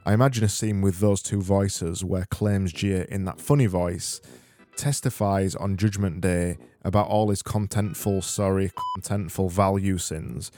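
A man from Britain hosting his own comedy podcast, reading messages in a rambling, sardonic way. His voice sits low with a soft, dark tone. Faint music sits under parts of it. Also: steady tone, unhurried. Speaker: podcast host.

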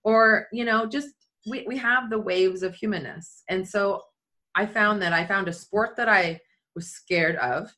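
A woman's voice: mid-range voice, a little slow, bright, forceful tone. A middle-aged woman, a skydiving athlete and leadership speaker, telling a personal story in conversation and acting out quotes.

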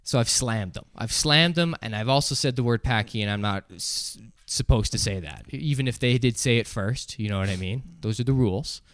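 A man in his twenties telling a story on a podcast, animated, acting out other people's voices and laughing as he goes. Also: mid-range voice, a little fast, hardly any pauses, no room sound. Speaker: podcast co-host. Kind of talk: casual storytelling.

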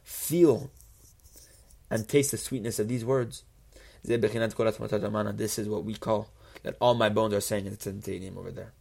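A man's voice: on the low side, steady tone, measured pace, gravelly, a little mellow. Man teaching a Torah lesson. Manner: poses rhetorical questions and answers them; reads Hebrew phrases, then translates each. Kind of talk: religious text lesson.

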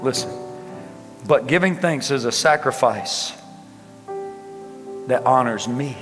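A man preaching a sermon as a pastor, swinging between loud outbursts and soft, slow passages, speaking to his congregation. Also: medium pitch, expressive. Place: large church hall with congregation. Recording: reverberant church hall with music behind.

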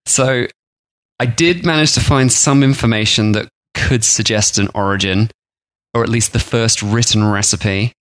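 A man's voice: on the low side, moderate pace, fairly bright tone, no echo. A man co-hosting a food podcast, chatting casually and jokily, often slipping into silly voices for imagined people. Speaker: podcast co-host.

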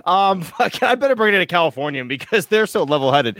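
Animated, excitable man hosting a podcast. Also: high-pitched, fairly quick, hardly any pauses, dry recording. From New York. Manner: excitable, swearing, laughing a lot. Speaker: podcast host. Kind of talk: casual comedy chat.

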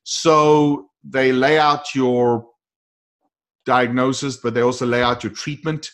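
A man's voice: medium pitch, fairly even intonation, slow pace, a bit bright. A man hosting a faith-based interview and encouraging listeners in a preacher-like way. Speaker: host.

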